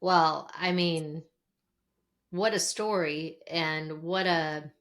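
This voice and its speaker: Female podcast host, low-pitched voice, encouraging, asks questions with several restarts. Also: steady tone, extremely slow, a bit bright. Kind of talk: interview questions.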